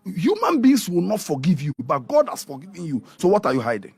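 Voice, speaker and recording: A man with a Ghanaian accent, a pastor in a radio interview who talks like he is preaching, swinging his pitch up and down with lively energy. His voice is breathy and a little raised, and the studio sound is dry and close. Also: brisk, no echo. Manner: animated preaching, switching between Twi and English.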